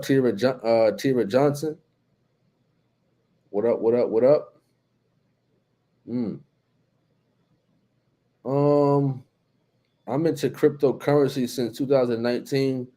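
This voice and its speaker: A man's voice: mid-range voice, dark tone. A man from New Jersey with a New Jersey accent, hosting a casual live-stream chat, reading out viewer comments in a laid-back way. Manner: reads out viewer comments and greets viewers by name, laid-back, many fillers.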